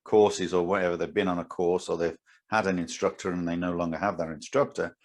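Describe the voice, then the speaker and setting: A man's voice: low-pitched, fairly even intonation, brisk. A man co-hosting a casual podcast, explaining martial arts techniques in a blunt, emphatic way. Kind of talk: casual chat.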